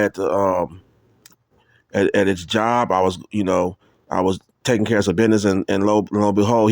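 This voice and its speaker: A man telling a personal story in a casual, rambling way, full of fillers and restarts, getting higher and louder as he gets worked up. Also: no room sound, clean studio sound. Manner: rambling, many fillers and restarts, rises in pitch when heated. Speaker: testimony speaker.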